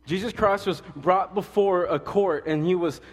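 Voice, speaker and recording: A male pastor preaching a casual, fast-talking sermon with jokes and stories, swinging between loud emphatic lines and quiet asides. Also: high voice, long reverb tail.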